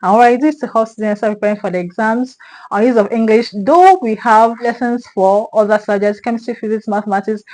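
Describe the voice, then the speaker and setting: A woman's voice: on the high side, darkish tone, rough recording. Woman tutoring exam English. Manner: repeats key words and checks in with "okay?". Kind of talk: exam prep lesson.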